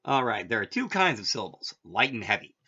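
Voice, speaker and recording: Bright-voiced man reading a lesson. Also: on the low side, sing-song, a little fast, husky. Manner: reads text then adds offhand asides. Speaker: language teacher. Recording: dull lo-fi audio.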